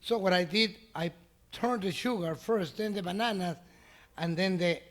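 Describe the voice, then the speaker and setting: A middle-aged man whose first language is Spanish tells an animated story in broken English, laughing often and acting out the voices of other people. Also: sits high, normal speed. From Mexico. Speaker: restaurant owner. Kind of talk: storytelling in an interview.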